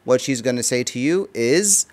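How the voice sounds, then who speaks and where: A man gives a casual language lesson. He explains each phrase slowly, repeats it, and chuckles now and then. His voice sits at an ordinary middle pitch. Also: animated, darkish tone. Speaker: language teacher.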